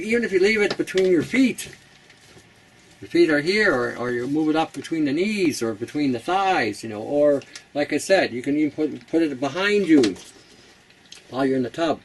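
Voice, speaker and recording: A man's voice: on the high side, slight background noise, low-quality recording. A man hosting a casual how-to talk, chatty and blunt, laughing at his own jokes. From Canada. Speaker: host.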